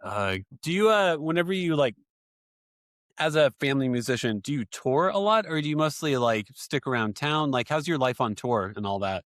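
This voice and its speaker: A man's voice: medium pitch, animated, normal speed, fairly bright tone, no echo, studio quality. A man hosting a podcast about fatherhood, talking reflectively and acting out little quoted moments with his kids. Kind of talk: casual podcast conversation.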